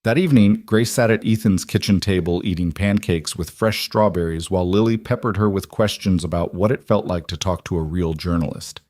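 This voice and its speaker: A man giving scripted narration of a story, even and unhurried. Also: low voice, no room sound, clean studio sound.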